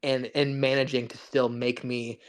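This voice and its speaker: A man's voice: medium pitch, level tone, normal speed. A man co-hosting a podcast, talking casually and enthusiastically about a film, with lots of restarts and swearing. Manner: rambling, profane, enthusiastic with restarts. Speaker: podcast co-host. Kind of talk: casual chat.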